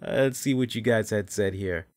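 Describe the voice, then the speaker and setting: A man's voice: fairly low pitch, normal speed, darkish tone. A man hosting a wrestling podcast, ranting casually and profanely, with mocking impressions of the people he talks about. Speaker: podcast host.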